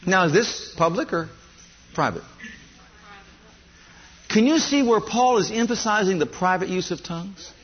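A male preacher with a high, husky voice delivers a sermon in emphatic, repeating phrases. The recording is dull and lo-fi. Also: expressive, measured pace, long pauses. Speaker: pastor.

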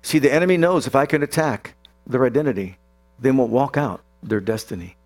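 A man preaching a sermon as pastor. His delivery is emphatic, with drawn-out declarations and sudden drops and rises. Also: medium pitch, animated, darkish tone, faint music behind.

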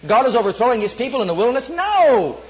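A man preaching a sermon and reading scripture, stressing and repeating key words and dropping into quieter asides. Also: racing, highs cut off. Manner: emphatic, repeats words, swings from low asides to loud stressed lines.

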